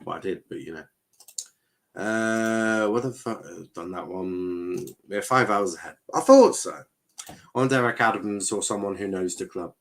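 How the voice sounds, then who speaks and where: A man's voice: lowish voice, a little slow, gravelly. Rambling, chatty man streaming. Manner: chatty, rambling, swears, stumbles and repeats himself. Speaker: watchalong streamer host. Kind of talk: casual live-stream chat reading viewer comments.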